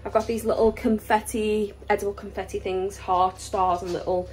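A woman's voice: mid-range voice, fairly even intonation, normal speed, darkish tone. Woman, casual home-kitchen vlog narration, chatty and matter-of-fact, slight background hiss. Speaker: family vlogger.

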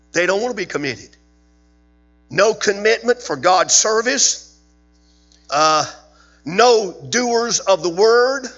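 A man preaching a fiery Sunday evening sermon from a church pulpit, high and piercing with a husky edge. He repeats his points and challenges the congregation with questions. The recording is dull and lo-fi, with a steady hum and faint music underneath. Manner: fiery, rising to loud preaching peaks. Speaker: Baptist preacher. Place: church sanctuary.

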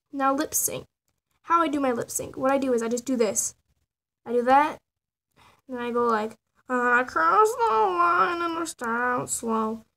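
A woman's voice: a little high, fairly bright tone. A teenage girl casually narrating her animation process, rambling, laughing and mocking her own drawings. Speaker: channel owner showing her animation process. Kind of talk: casual self-mocking tutorial.

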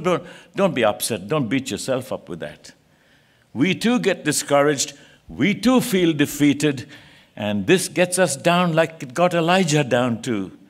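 A man preaching a sermon in a church, earnest and pleading, rising to emphatic peaks. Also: on the high side.

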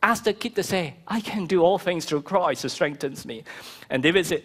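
A middle-aged male pastor preaching a sermon with a fairly high voice. He talks in an animated way and acts out the voices of the people he quotes. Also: normal speed, slightly rough. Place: church hall.

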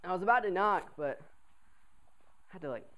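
A young man with a fairly high voice tells a funny story to a crowd of classmates. He talks in a lively, chatty way and keeps checking in with his listeners. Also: a little fast, poor audio. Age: young adult. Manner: animated, chatty, asks the crowd for replies. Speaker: college cadet telling a story. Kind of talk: comic storytelling to an audience.

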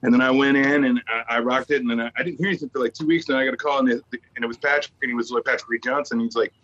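A man in his forties, a podcast guest, telling a story in a lively, stand-up style and slipping into voices for the people in it. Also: medium pitch, rapid-fire. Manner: animated storyteller, jumps into voices for quoted people. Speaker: guest actor. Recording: slightly dull lo-fi audio.

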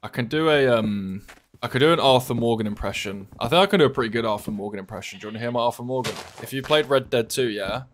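A young man, chatting casually and joking while playing a game, often swearing and getting excited. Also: medium pitch, quick pace, a little hiss or hum. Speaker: gaming streamer.

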